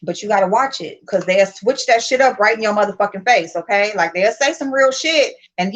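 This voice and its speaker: A woman's voice: mid-range voice, a little fast, few pauses. Blunt, profane woman livestreaming. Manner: blunt, profane, animated storytelling. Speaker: livestream host. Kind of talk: casual livestream commentary. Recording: muffled lo-fi stream audio.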